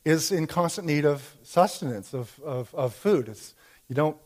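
A man's voice: on the high side, lively intonation, a little slow, darkish tone. A man preaching a sermon in a conversational way, with fillers and restarts as he explains a Bible story. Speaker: pastor.

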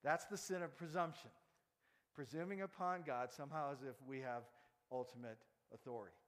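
A man's voice: mid-range voice, fairly even intonation, fairly quick, a bit bright, big-room sound. A male pastor preaching a sermon, telling stories, asking the congregation to repeat after him, and often restarting words. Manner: storytelling, interactive, repeats words.

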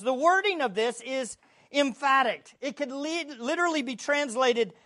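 A woman's voice: on the high side, fairly bright tone. A woman preaching a sermon, teaching from the Bible in an earnest, emphatic way and asking rhetorical questions.

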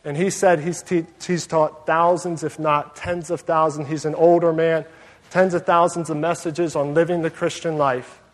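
A man preaching a sermon as pastor, telling a story with lively acted-out asides and self-mocking humor. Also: on the high side, normal speed, in a large hall.

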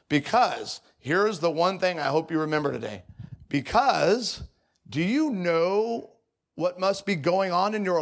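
A man preaching a sermon in a conversational, confessional way. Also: on the high side. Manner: conversational, confessional, mimics voices in anecdotes.

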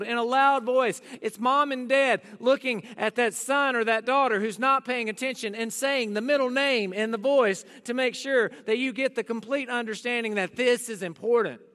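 A male pastor preaching a sermon, shifting between loud emphatic calls and hushed, slow scripture reading. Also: very high voice, in a large hall. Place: church sanctuary.

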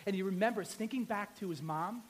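A man preaching a sermon as a pastor, telling a story with emphatic repetition and swinging between loud and hushed delivery. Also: high-pitched, brisk, slight background noise.

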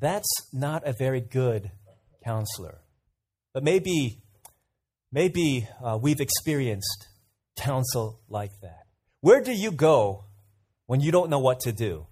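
A man's voice: mid-range voice, very animated, slow pace, long pauses, a little mellow, husky. Conversational man preaching a sermon. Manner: conversational, asks the audience questions, tells anecdotes.

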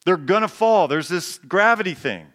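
A pastor preaching a sermon to a live congregation. He jokes with the people in the pews and slows down to read scripture with emphasis. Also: high voice, expressive, fairly bright tone. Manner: playful, joking asides with the congregation; reads scripture slowly with emphasis. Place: church sanctuary with live congregation.

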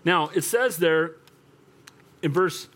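An older male pastor preaches with a high-pitched voice that swings up and down. His delivery is animated and storytelling, and he punctuates points with calls for an amen. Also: takes it slowly. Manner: animated, rhetorical, calls for amens. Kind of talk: sermon.

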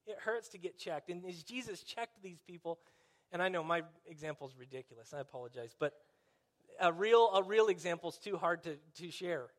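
A man's voice: high-pitched, lively intonation, moderate pace. A man preaching a conversational sermon, dropping in wry, sarcastic asides.

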